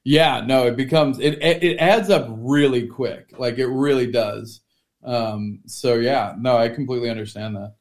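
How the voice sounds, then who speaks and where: With a mid-range voice at a moderate pace, this man co-hosts a podcast in loose, joking conversation. His rambling delivery leans heavily on the word "like."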